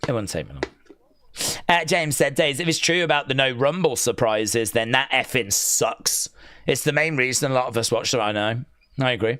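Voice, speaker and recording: Guy streaming a wrestling watch-along, bright clear voice, dry close sound, hyped and jokey. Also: medium pitch, moderate pace, no room sound. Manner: excitable, jokey play-by-play, reads chat aloud. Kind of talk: live reaction commentary.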